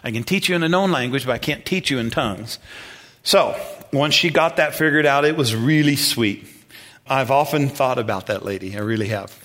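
A pastor preaching a sermon in a church, telling stories in a relaxed, conversational way and chuckling often. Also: male voice, medium pitch, moderate pace.

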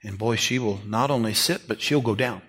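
Bright-voiced folksy male preacher. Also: on the low side, moderate pace, breathy edge. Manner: folksy, animated storytelling with shouted asides. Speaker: pastor. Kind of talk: sermon.

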